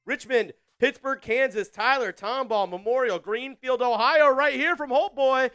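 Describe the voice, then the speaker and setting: A man's voice: very high voice, normal speed, a bit bright, smooth. A man hosting a live football watch party in upbeat, casual chat, reading out viewer comments with frequent fillers and repeated phrases.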